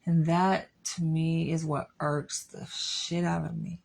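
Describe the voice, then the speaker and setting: Young woman vlogging, low gravelly voice, slow and frank, swears a lot. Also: level tone, a little mellow. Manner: blunt, swears freely, frank opinions. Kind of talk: candid monologue.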